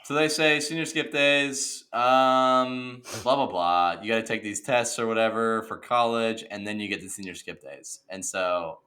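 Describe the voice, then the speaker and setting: A young man co-hosting a podcast, telling a story in a casual, animated rant and saying "dude" and "okay" a lot. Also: on the low side, normal speed, few pauses. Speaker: podcast co-host. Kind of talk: casual chat.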